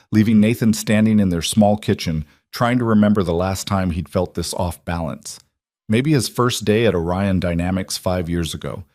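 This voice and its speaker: A man giving steady, measured scripted story narration. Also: lowish voice, no echo, clean studio sound.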